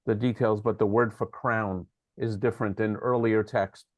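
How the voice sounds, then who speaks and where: A man's voice: on the low side, fairly even intonation, normal speed, dry recording, highs cut off. Man explaining, with hesitant fillers. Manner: explains at length, corrects pronunciation, hesitant fillers. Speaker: teacher leading the discussion. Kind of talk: explanatory study session.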